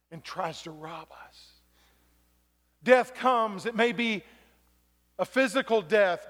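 A man preaching a sermon as pastor, moving from quiet reflection to shouted exhortation, in a church sanctuary. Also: high-pitched. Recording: long reverb of a large hall.

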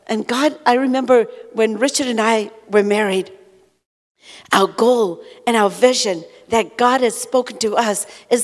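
Older woman preaching in an echoing hall. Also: fairly high pitch. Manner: rambling, heavy "you know" fillers. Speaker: preacher giving testimony. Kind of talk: conversational sermon testimony. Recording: long echoey hall reverb.

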